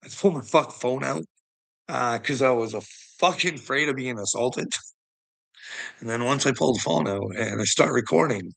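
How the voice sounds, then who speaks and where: A middle-aged man rants in a gravelly, tense voice, swearing freely and breaking into laughter. He taunts someone he calls "bud". His tone stays sharp and edgy. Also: medium pitch, normal speed. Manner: taunting, addresses the listener as bud. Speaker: vlogger. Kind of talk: profane ranting monologue.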